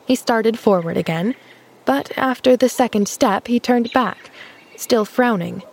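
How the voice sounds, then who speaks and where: A woman reading a classic novel aloud as narrator, in an even, measured way. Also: a little high, gravelly, a little hiss or hum. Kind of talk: scripted narration.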